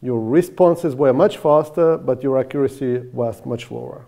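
A man's voice: mid-range voice, normal speed, gravelly, dark tone. A man answering questions in an academic discussion, explaining his research with frequent restarts and repeated words.

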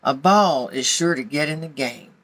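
A woman's voice: sits low, normal speed, no echo. A woman voicing an eager male farm turkey who keeps trying to sneak into school, gobbling as he goes. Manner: bright, determined, gobbling.

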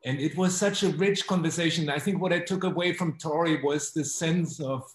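Man professor summing up a webcast panel, echoey room, stops and repeats words as he thinks. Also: fairly high pitch. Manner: thoughtful, halting, repeats words while searching. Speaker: professor and co-host. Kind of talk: closing remarks in a panel discussion. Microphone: video call.

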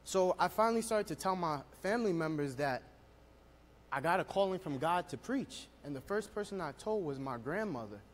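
A man's voice: on the high side, expressive, normal speed, a little hiss or hum. A young man telling his personal testimony at a worship service, speaking with emotional, building storytelling. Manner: emotional storytelling, rising in intensity.

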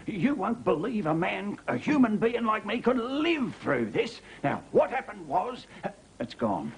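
A man's voice: high-pitched, big pitch swings, unhurried, a little hiss or hum, heavily acted. An actor playing a forgetful man who rambles and loses track of his story. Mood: rambling. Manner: hesitant, forgetful, full of ums. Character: rambling forgetful man telling a tall tale. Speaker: sitcom character. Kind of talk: sitcom acting.

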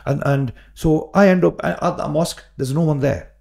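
A man's voice: a little high, moderate pace, vocal fry, a little mellow. A man, guest on a podcast, talking earnestly with many fillers and repeated words. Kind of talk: casual podcast conversation.

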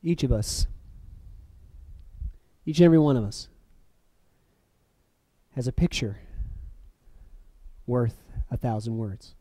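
A man preaching a reflective sermon, letting phrases fall soft and then lifting sharply for emphasis. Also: medium pitch, animated, takes it slowly, long pauses, no room sound. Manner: reflective, with soft dropping phrase ends and sudden lifts.

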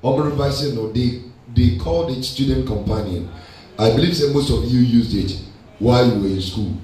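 A man's voice: medium pitch, normal speed, a little hiss or hum. A man with a Ghanaian accent preaching a sermon, mixing Twi and English. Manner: switches between Twi and English, animated preaching. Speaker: pastor. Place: church hall. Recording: echoey church hall from far off.

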